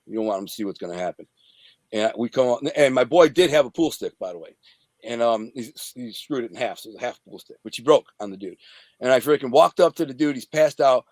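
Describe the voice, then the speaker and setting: A man's voice: medium pitch, animated, fairly quick, a little mellow, no room sound. A man from the Detroit area, an interview guest telling a story in profane street slang and acting out the scenes. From Detroit area, USA. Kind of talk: casual storytelling.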